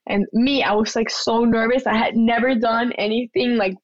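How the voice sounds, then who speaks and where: A woman's voice: a little high, steady tone, moderate pace, dry recording, lo-fi sound. A young woman chatting casually as a guest, telling a personal story and acting out the people in it. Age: young adult. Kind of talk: casual chat.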